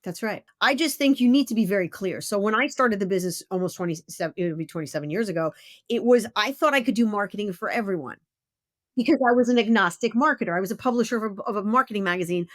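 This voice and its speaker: Blunt, lively middle-aged woman host. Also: medium pitch, quick pace, no room sound, studio quality. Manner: blunt, emphatic and profane. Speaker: podcast host. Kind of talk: casual interview chat.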